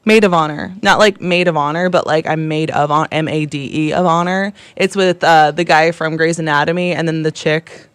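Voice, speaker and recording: A woman co-hosting a morning radio show, chatting in animated, casual banter and laughing easily. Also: low-pitched, moderate pace, clear, resonant tone, no echo.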